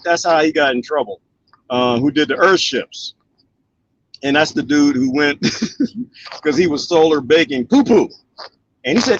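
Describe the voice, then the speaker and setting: A middle-aged man casually chats on a live stream while reading viewer comments, animated and laughing often, mimicking voices when he quotes them. His voice is a little high, and the recording is muffled with a little hiss or hum.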